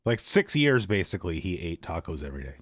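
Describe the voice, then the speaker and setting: A man's voice: low-pitched, very animated, fast, no echo, studio quality. A man co-hosting a podcast in casual chat, talking loosely and leaning on "like" and "you know". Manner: chatty, leans on "like" and "you know". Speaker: podcast co-host.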